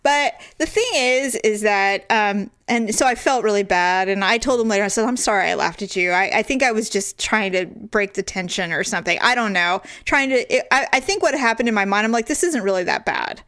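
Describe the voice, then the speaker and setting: A woman's voice: mid-range voice, fairly quick, hardly any pauses, fairly bright tone, dry recording, clean studio sound. A woman in her forties co-hosting a podcast, telling a story in casual chat, acting out quoted voices and laughing often. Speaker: podcast co-host.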